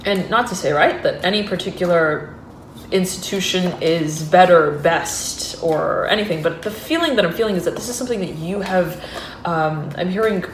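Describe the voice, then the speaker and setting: A woman's voice: fairly low pitch, normal speed, reverberant, slight background noise. A woman giving an intuitive tarot reading. She rambles and hesitates, restarts her sentences and fills them with fillers, and she laughs often and gets giddy. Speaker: tarot reader.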